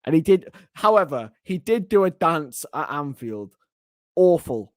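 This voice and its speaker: A young man hosting a casual live stream, chatting and joking as he answers viewer comments in quick bursts. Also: on the high side, very animated, dry recording, clean studio sound. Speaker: host of a fan channel.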